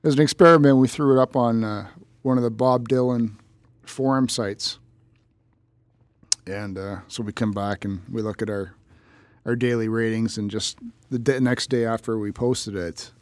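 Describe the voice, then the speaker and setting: A man's voice: mid-range voice, fairly even intonation, moderate pace, no room sound. A man co-hosting a podcast in casual banter, blunt and grumpy, swearing often. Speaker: podcast co-host.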